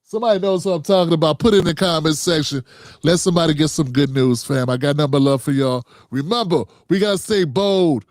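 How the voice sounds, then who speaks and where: Casting note: middle-aged man, relaxed livestream commentary host, slightly high voice, dry close sound. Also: fast talker, no echo. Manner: loose and conversational, calls viewers fam.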